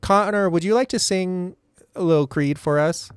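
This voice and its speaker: A man's voice: sits high, normal speed, clear, resonant tone, no room sound, studio quality. A man hosting a comedy game show, reading out contestant answers and vote counts in a playful, self-deprecating way.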